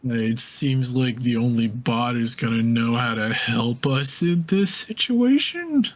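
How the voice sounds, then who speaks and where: A man's voice: medium pitch, expressive, slow pace. A man playing a tabletop game, teasing his friends and hesitating with fillers. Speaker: player. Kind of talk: casual tabletop play.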